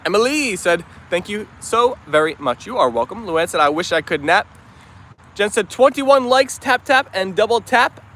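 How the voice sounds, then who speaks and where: A man's voice: high-pitched, sing-song, normal speed, sharp tone, slight background noise. A man hosting a casual outdoor livestream, chatty and upbeat, greeting viewers by name and reading their messages aloud. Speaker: livestream host. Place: outdoors in a yard with dogs and chickens.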